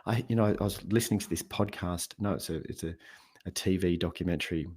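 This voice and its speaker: Speaking quickly in a low, breathy voice, this man is a podcast guest who coaches habits. He tells stories in relaxed conversation, performing the quoted voices with animation.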